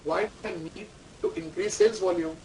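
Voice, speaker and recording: A man's voice: sits high, steady tone, brisk, a little mellow. A man giving a classroom lecture, repeating key terms and quizzing students. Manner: repetitive, quizzing the class, dictating instructions. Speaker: management lecturer. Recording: distant mic, faint room noise.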